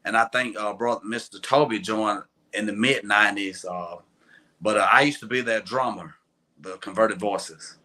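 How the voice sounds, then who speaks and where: Mississippi guy in his 40s, lowish bright voice, soft-spoken, lots of uh's. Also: normal speed. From Tupelo, Mississippi. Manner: soft-spoken, hesitant, many uh fillers. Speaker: gospel quartet singer, guest.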